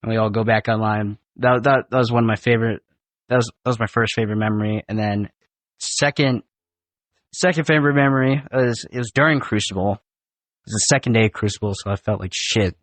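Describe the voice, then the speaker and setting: A young man in a podcast studio, telling animated, profane stories in a casual, rambling way. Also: fairly low pitch, a little fast, no room sound. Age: young adult. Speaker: podcast guest. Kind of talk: casual storytelling.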